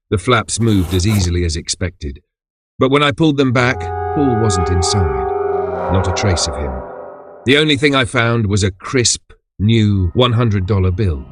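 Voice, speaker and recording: Low-voiced male horror narrator. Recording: background music under voice.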